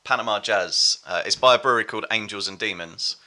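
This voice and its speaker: A man's voice: on the low side, fast, bright, forceful tone. A man reviewing beers on a podcast, easygoing and laughing often in casual chat.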